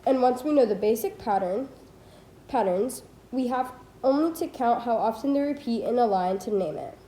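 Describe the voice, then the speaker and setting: A teenage girl reads a textbook aloud in a homemade audiobook, her voice fairly high and soft-edged. She reads steadily, now and then stumbling on a word and correcting herself. The room around her sounds echoey. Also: moderate pace. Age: teens. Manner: careful reading with small slips and self-corrections. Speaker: student reader. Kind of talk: amateur audiobook read-aloud.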